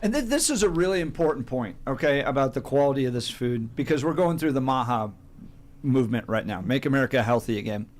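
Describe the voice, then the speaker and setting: Man, mid-pitched voice, radio co-host, chatty, opinionated. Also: animated, fast. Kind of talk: casual radio chat.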